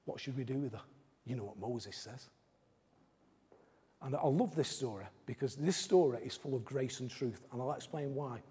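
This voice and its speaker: A man preaching a sermon who repeats his phrases and swings between loud, fast bursts and quiet, slow lines. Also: mid-range voice, husky. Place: church service in a large hall. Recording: long reverb of a large hall.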